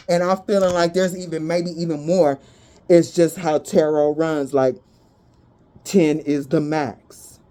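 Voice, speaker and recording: Woman, tarot reader, low mellow voice, blunt, profane, animated casual reading. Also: unhurried.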